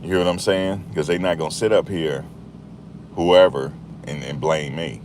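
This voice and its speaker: A man's voice: low-pitched, steady tone, moderate pace, darkish tone, a little hiss or hum. A man hosting a casual commentary monologue, chatty and repetitive, laughing at the story he tells. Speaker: YouTube commentary host.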